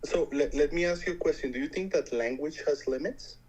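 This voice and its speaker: A man's voice: fairly high pitch, fairly quick, a little mellow, breathy edge, poor audio. A man with a foreign accent calling into a stream debate, stammering and repeating words, half joking. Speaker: caller.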